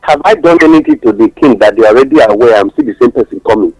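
A man's voice: medium pitch, animated, quick pace, darkish tone, dry recording, faint music behind, rough recording. A man with a Nigerian accent giving passionate radio talk-show commentary, mixing English with Pidgin and telling stories. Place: radio studio.

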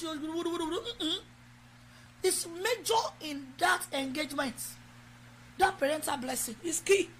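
Nigerian woman preacher, very high and bright, emphatic exhortation, faint hum behind. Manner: emphatic, exhorting, switches into Yoruba. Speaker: preacher leading prayer. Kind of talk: sermon with prayer over a live stream.

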